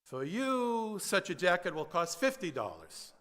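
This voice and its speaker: A man's voice: high-pitched, sing-song, measured pace, a bit bright, full character voice. A man putting on a shrewd tailor with a thick European accent. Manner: shrewd, matter-of-fact haggling. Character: male shop-owner tailor, haggling, thick European accent. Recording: echoey hall with guitar behind.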